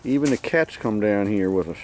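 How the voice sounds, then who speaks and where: A man's voice: fairly low pitch, expressive, fairly quick, noisy background. A man, a farmer talking casually outdoors in a pasture into a handheld camera, folksy and rambling with wry humor. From Southern Maryland, United States. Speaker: farmer vlogger. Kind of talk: casual walk-and-talk narration.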